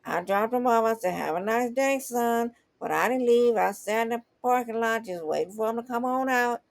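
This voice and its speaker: A woman telling a comedy story with an animated, folksy manner. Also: a little high, brisk, gravelly, no room sound.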